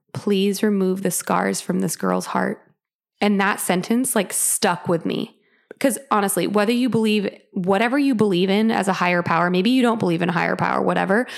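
A young woman casually telling a personal story on a podcast, chatty and full of fillers. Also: mid-range voice. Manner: chatty, many "like" fillers, animated retelling. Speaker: podcast host sharing her story.

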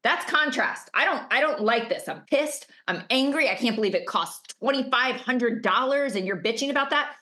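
A woman's voice: on the high side, expressive, moderate pace, hardly any pauses, pushed and bright. A middle-aged woman coach giving an emphatic motivational masterclass over a video call, stacking up rhetorical questions. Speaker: business coach.

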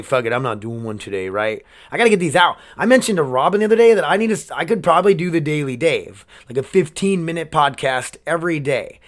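A man's voice: mid-range voice, a bit bright. A man in his twenties hosting a solo podcast, rambling and swearing, emotionally worn down. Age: 20s. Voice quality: rambling, swearing, restarts sentences. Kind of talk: casual solo podcast rant.

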